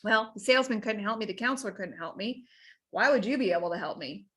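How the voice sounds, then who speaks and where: A woman voicing a frantic man trapped in a deep pit who keeps pleading for a way out. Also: expressive, fast talker, pushed and bright. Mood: discouraged.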